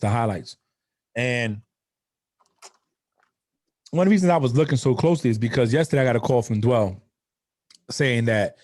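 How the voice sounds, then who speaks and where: A man's voice: medium pitch, a little mellow. Casual man rambling about football. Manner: rambling storyteller, chatty. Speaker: podcast co-host. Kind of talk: casual sports chat.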